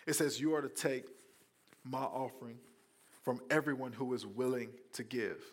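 A male pastor preaching a sermon in a conversational, animated way, with playful asides to the congregation. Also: mid-range voice, moderate pace.

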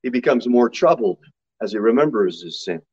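Pastor preaching a sermon. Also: male voice, lively intonation, normal speed, husky. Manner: preaches with sudden loud high-pitched mock quotes. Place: church sanctuary. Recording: slightly dull lo-fi sermon recording.

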